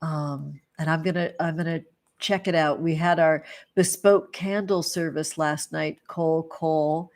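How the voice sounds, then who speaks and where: A livestream host who is a tarot reader and witch speaks in a low, unhurried voice with fairly even intonation. Hosting casually, she gushes affectionately, greeting viewers by name and using pet names for them.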